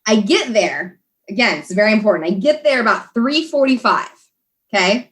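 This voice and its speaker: A woman's voice: mid-range voice, expressive, normal speed, fairly bright tone. A young American woman, a podcast guest, telling a story in casual chat, laughing often and talking with many fillers and restarts. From USA.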